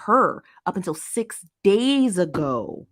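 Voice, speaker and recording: A woman's voice: medium pitch, big pitch swings, slow pace, fairly bright tone. Emphatic woman hosting commentary. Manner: emphatic, repeats points, checks in with "okay?" and "right?". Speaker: commentary show host. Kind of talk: casual commentary reading viewer comments.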